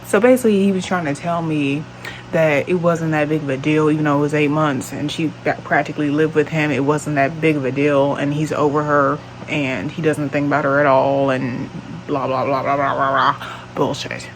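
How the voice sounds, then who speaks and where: Blunt, low-voiced woman telling a story. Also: steady tone, a little fast, a little hiss or hum, rough recording. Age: late 20s. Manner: blunt, profane, exasperated. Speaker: vlogger. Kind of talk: storytime vlog.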